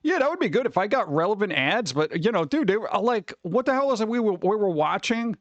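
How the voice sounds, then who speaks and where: A middle-aged man hosts a casual stream, rambling loosely with viewers in a high-pitched, sing-song voice at a quick pace. He sounds over-caffeinated, swears, and acts out the people he talks about; the audio is dull, with no room sound.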